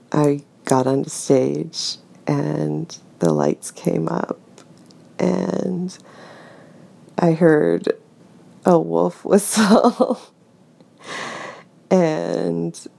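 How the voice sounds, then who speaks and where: A young woman telling a story to a coworker in casual spoken role-play, hesitant with many ums and soft laughs. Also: low-pitched, vocal fry.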